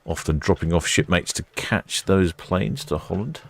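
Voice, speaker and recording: Deep-voiced chatty man. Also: moderate pace, vocal fry. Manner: chatty, self-mocking, thinks aloud. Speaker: live stream host. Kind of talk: casual live commentary reading viewer chat.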